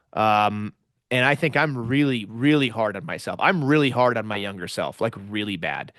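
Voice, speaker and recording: A man's voice: mid-range voice, fairly bright tone, no room sound, studio quality. Reflective man chatting on a podcast. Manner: reflective, repeats words when starting sentences. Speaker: podcast co-host. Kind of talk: casual chat.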